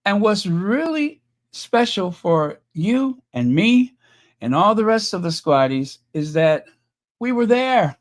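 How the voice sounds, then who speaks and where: Slow-talking man hosting a casual stream. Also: high voice, big pitch swings. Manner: chatty, mocking, drawn-out pauses and fillers. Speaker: channel host reading super chats. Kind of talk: casual livestream commentary.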